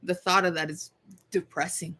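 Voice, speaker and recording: A woman's voice: fairly low pitch, flat delivery, normal speed, bright, forceful tone. A young woman vlogger talking casually to her camera, rambling, swearing and mocking herself.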